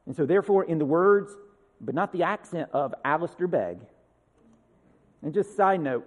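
A man's voice: fairly high pitch, animated, normal speed, big-room sound. A male pastor preaching a sermon in a conversational way, with asides and rhetorical questions.

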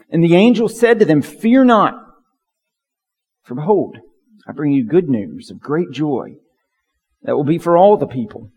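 A man's voice: on the high side, darkish tone, in a large hall. A man preaching a sermon as pastor, emphatic and building to fervent lists of praise.

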